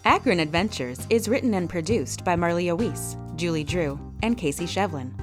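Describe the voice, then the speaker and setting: Calm woman narrating a storybook. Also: on the low side, normal speed, over music. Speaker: narrator and podcast host.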